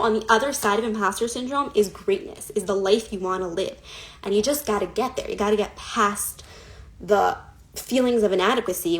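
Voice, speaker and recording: Chatty woman coach, filler-heavy talk. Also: medium pitch. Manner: chatty, many fillers and laughs. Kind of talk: Instagram live talk.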